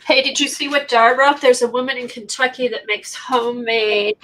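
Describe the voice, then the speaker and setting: Bright, chatty woman. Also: fairly high pitch, steady tone, normal speed, low-quality recording. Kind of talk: casual chat. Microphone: camera mic.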